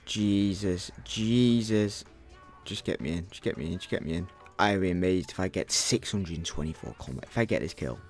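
A man's voice: sits low, normal speed, soft background music. A young man co-hosting a gaming channel, commenting on his gameplay in a grumbling, exasperated rant.

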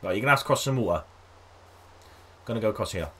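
A man giving casual let's-play commentary on a game, chatting to his viewers and coaxing animals along in a high sing-song voice. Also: lively intonation, fast talker, pushed and bright, a little hiss or hum. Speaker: gaming video host.

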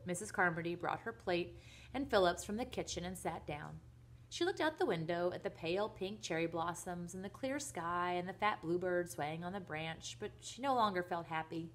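A woman reading a children's book aloud, with gentle asides to her listeners. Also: fairly low pitch, normal speed. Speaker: reader.

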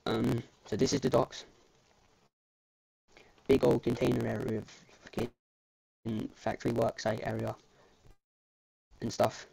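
A man's voice: medium pitch, flat delivery, a little slow, creaky, long pauses, warm tone. A man chatting casually on a game livestream, rambling and restarting his sentences, with the odd casual swear word. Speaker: streamer.

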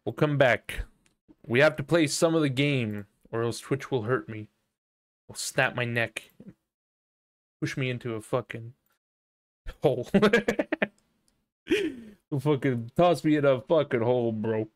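A man's voice: mid-range voice, measured pace, pauses often. A man streaming a video game live, chatting casually with viewers, cracking profane jokes and laughing often. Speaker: gaming streamer.

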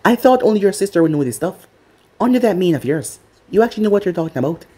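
The narrator voicing a young female medical ninja, curious and quick to scold. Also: medium pitch, lively intonation, mellow, husky.

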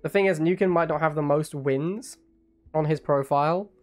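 Gaming streamer, man, casual play-by-play, quick reactions, laughs, some music behind. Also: on the high side. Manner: chatty, quick reactions, laughs at his own jokes. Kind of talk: casual gameplay commentary.

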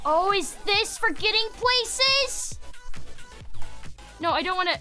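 A woman streamer giving excitable live gaming commentary to her chat, swearing and yelling when frustrated. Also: very high voice, slow, long pauses, faint music behind.

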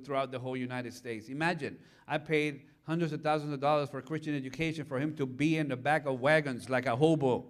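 Animated preaching man with a high voice. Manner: animated, conversational, asks the audience questions. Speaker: pastor. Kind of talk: conference preaching talk.

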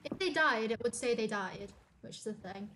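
A woman's voice: fairly high pitch, animated, normal speed, a bit bright, slight background noise. A young woman streaming a game, chatting casually and reading chat aloud.

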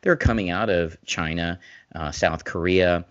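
A low-voiced man co-hosting a podcast, talking in long winding runs full of restarts and growing emphatic as he makes his point. His voice sits deep, and the recording is dry and a little dull, as if through a remote mic. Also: moderate pace, dry recording. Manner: rambling, restarts, grows animated and emphatic. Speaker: podcast co-host, former physician. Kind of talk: casual podcast conversation.

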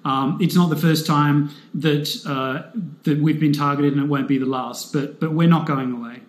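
Measured man, roomy echo. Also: a little high, steady tone. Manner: measured, frequent ums and you-knows. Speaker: foundation spokesperson. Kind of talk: conversational interview answers.

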